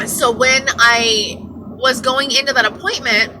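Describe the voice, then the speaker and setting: A woman with a fairly high voice vlogs from inside a car, talking casually and candidly with rambling, excitable energy. A clear hum of road and car noise runs underneath her voice. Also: slow pace, poor audio. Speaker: vlogger. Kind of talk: casual chatty update.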